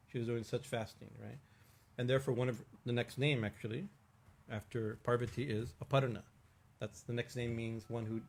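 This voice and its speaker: A man's voice: mid-range voice, darkish tone, slight background noise. A man, a swami giving an informal religious discourse, telling stories in a chatty way with frequent laughs and restarts. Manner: chatty storytelling, laughs often, many restarts. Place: temple hall.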